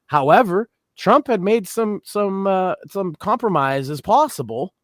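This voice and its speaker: High, lively, profane man co-hosting. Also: unhurried, no echo, studio quality. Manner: profane, blunt, emphatic. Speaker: podcast co-host. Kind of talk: casual political chat.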